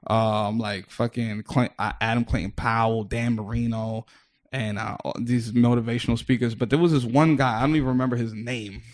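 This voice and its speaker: A male comedian from the Bronx talking on a podcast. He rambles through his story with plenty of restarts and casual swearing, and slips into other people's voices as he quotes them. His pitch sits in an ordinary middle range. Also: fairly even intonation, moderate pace. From New York, the Bronx.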